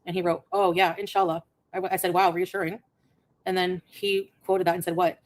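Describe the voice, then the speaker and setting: Fast-talking exasperated woman vlogger. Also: fairly low pitch, level tone. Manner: rapid, exasperated, reads messages aloud. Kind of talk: casual storytelling vlog.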